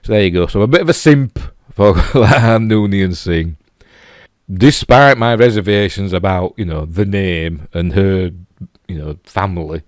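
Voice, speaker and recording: A man's voice: sits low, unhurried, no echo, studio quality. A man with a Yorkshire accent reviewing a TV episode in a loose, rambling way, full of "you know" and restarts. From Yorkshire, England. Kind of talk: casual spoken review.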